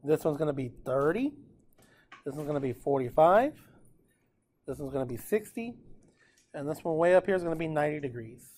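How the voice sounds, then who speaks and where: A man teaching a precalculus class in a relaxed, chatty way, often checking in with his students. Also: on the high side, a little fast, pauses often. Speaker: math teacher. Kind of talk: classroom lecture recorded with notes.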